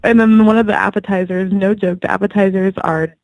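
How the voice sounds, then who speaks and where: Gravelly-voiced chatty woman. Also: medium pitch, level tone, fairly quick, a little mellow, dry recording, rough recording. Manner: chatty, lots of "like", giggly. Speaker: guest wrestler. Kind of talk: casual phone interview.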